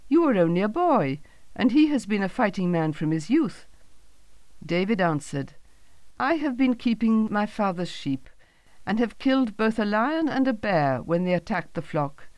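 Woman calmly narrating a Bible story. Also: on the low side, no room sound.

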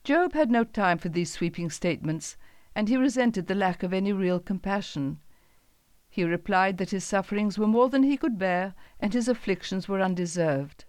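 A woman narrates a scripted Bible story at a measured, steady pace. Her voice sits in a middle pitch range for a woman. The recording is dry and close, with no room sound. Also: smooth, no echo.

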